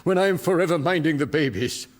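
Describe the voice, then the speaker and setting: A man's voice: on the high side, fast, lightly acted. A man playing a pompous, whiny young father. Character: self-pitying unemployed young father. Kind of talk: radio sitcom acting.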